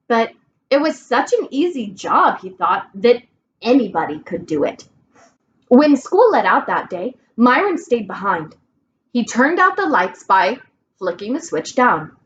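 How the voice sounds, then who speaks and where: A woman reading a children's storybook aloud, clear and expressive. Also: a little high, unhurried, muffled recording, a little hiss or hum. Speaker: reader.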